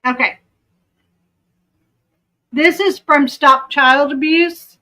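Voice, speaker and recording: A woman's voice: sits high, extremely slow, bright, forceful tone, rough recording. A woman with a Southern accent giving casual true crime commentary, chatty and often breaking off to aside. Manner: chatty, self-interrupting.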